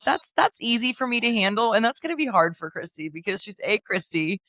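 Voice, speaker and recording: Animated storytelling woman, dry close mic. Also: brisk, dry recording. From Kansas City area. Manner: animated storyteller, acts out quotes with big pitch jumps. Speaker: podcast co-host. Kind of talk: casual chat.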